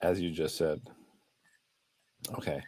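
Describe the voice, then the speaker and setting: Very deep-voiced man host. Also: steady tone, slow, dark tone, no room sound. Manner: laid-back, swears casually. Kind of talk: casual chat.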